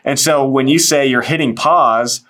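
A man's voice: mid-range voice, normal speed, fairly bright tone. A man hosting a faith-based interview in a loose, repetitive way, often acting out quoted voices. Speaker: host.

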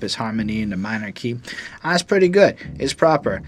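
A man's voice: fairly low pitch, lively intonation, brisk, slight background noise. A man casually reviewing a song on a podcast, rambling and enthusiastic, with lots of swearing. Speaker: music reviewer.

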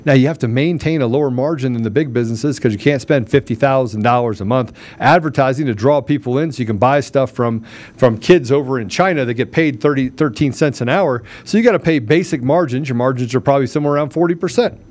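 A man's voice: mid-range voice, quick pace, darkish tone. A man hosting a political podcast, ranting angrily and with heavy emphasis. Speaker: podcast host. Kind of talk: heated political commentary.

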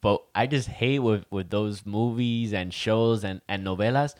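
A young man co-hosts a podcast in loose, casual chat, his voice sitting a little low. He swears freely and slips Spanish phrases into his talk. The sound is dry and close. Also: measured pace, dry recording. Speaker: podcast co-host.

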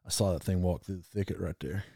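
A man voicing a male hunter who tells his stalk slowly in a low, drawn-out brag, in a comedy bit. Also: dry recording, clean studio sound, natural voice. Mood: bragging.

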